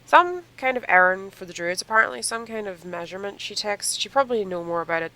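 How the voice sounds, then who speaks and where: A woman's voice: mid-range voice, animated, fast talker, sharp tone, rough recording. A woman voicing a helpful, studious researcher in a casual, offhand way, reading game dialogue aloud.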